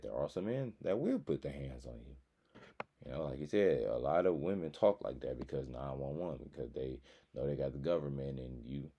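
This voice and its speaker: Man, 30s, very low voice; blunt, profane reaction commentary. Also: mellow, breathy edge.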